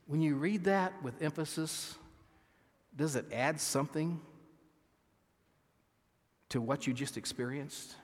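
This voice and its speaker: A man delivers a sermon as pastor, earnest and a little halting, often restarting his sentences. His voice sits somewhat high for a man. When he reads scripture he slows down and leans on the words, and a long reverb hangs behind him as in a church sanctuary. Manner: earnest, halting with frequent restarts, reading scripture slowly with emphasis.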